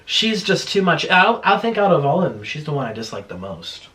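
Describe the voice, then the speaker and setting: Animated young man chatting while eating. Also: fairly high pitch, brisk. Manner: animated, chatty, gets heated and swears. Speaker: mukbang vlogger. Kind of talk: casual chat while eating.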